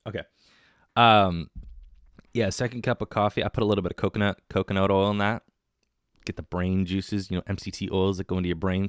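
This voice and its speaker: Male podcast host, solo casual chat, wired and self-mocking; smooth voice, dry close sound. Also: low-pitched, steady tone, brisk, no echo. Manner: rambling, self-mocking and jokey. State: wired on coffee.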